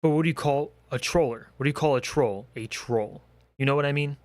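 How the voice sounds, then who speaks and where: A man's voice: medium pitch, fairly quick, a little mellow, dry recording. A young man in a comedic rant, exasperated and profane, firing off rhetorical questions. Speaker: commentary creator.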